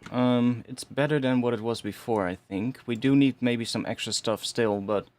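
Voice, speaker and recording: A man's voice: medium pitch, normal speed, darkish tone. A young man casually talking through his music production on a live stream, rambling and restarting his sentences as he thinks aloud, with some mild swearing.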